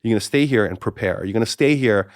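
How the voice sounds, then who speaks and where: A middle-aged man from Hawaii who works as a pastor speaks as a podcast guest, in a lowish voice recorded close and dry. He tells stories in an animated way, stumbling into quick restarts and repeating his phrases for emphasis. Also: no echo. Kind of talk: conversational storytelling interview.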